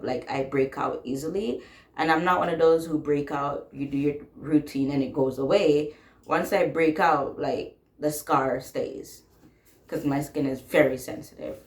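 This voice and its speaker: A woman's voice: deep voice, reverberant. A young woman casually telling a personal story, blunt and sassy, swearing freely and laughing as she talks.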